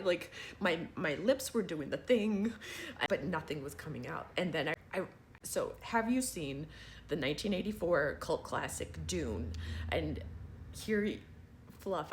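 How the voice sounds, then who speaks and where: A trans man chatting casually to his viewers, rambling and wry and laughing often. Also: high-pitched. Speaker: vlogger. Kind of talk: casual chat to camera.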